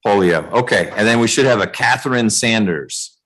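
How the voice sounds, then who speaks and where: A man presiding as judge over a remote court calendar hearing, speaking in a measured way with dry jokes, over a video call. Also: lowish voice, expressive, fairly bright tone, low-quality recording.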